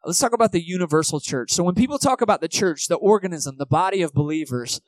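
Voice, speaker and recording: A man preaches a sermon, his voice sitting a touch higher than most men's. He keeps it loose and chatty, drifting into asides and quick stories between the scripture. The sound is dry and close, with little room echo. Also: lively intonation. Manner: casual, conversational preaching with fillers and asides. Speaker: pastor. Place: movie theater used as church venue.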